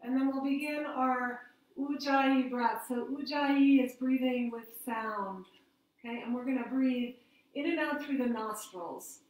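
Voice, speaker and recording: A woman teaching a gentle yoga class, guiding the breath in a calm, soothing way. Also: sits high, unhurried. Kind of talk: guided yoga instruction. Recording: very echoey room.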